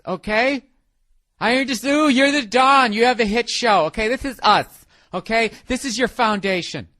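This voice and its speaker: A man's voice: very high voice, pushed and bright, pitched above the performer's own voice. A man voicing a nagging, self-pitying wife who whines and keeps tacking on "okay?". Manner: whiny, wheedling, repeats "okay?".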